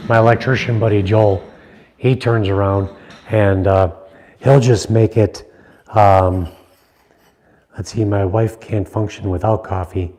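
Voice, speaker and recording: A man's voice: fairly low pitch, a little mellow. A middle-aged man chatting casually and rambling with viewers on a livestream, teasing them. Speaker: livestream host, knife maker. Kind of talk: casual live chat with viewers.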